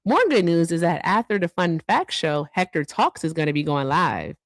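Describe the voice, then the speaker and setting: A woman's voice: lowish voice, animated, normal speed, no echo. A woman co-hosting a livestream show, chatting casually and reading out viewer thank-yous with asides. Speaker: livestream co-host.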